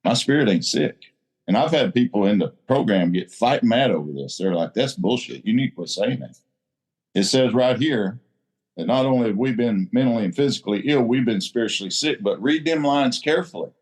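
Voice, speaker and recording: A man's voice: mid-range voice, lively intonation, brisk, a little mellow. A man giving a blunt, salty talk at a recovery group meeting, leaning into his points like a preacher.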